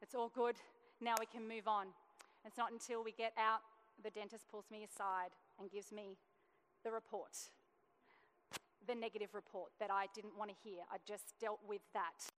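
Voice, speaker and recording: A woman's voice: medium pitch, level tone, moderate pace, a bit bright, slight background noise. A woman giving an earnest, emotional personal testimony as a mother, with frequent restarts. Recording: long reverb in a large hall.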